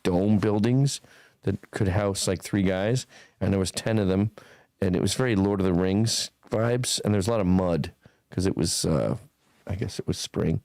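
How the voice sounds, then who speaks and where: A man's voice: fairly low pitch, a little mellow, no echo. A man in his fifties, a podcast guest telling stories in a blunt, profane, casual way. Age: 50s.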